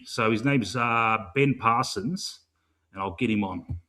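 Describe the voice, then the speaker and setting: A man's voice: mid-range voice, unhurried, pushed and bright. An Australian man hosts a casual live fan stream with a mid-range voice. He rambles in a matey way, swears freely and leans on plenty of fillers. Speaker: fan show host.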